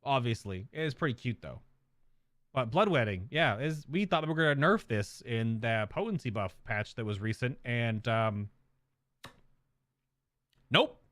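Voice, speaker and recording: A man streamer chats through a casual reaction to a video, rambling and amused. His voice sits in an ordinary middle pitch and sounds dry and close. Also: expressive, measured pace, long pauses, fairly bright tone, no room sound.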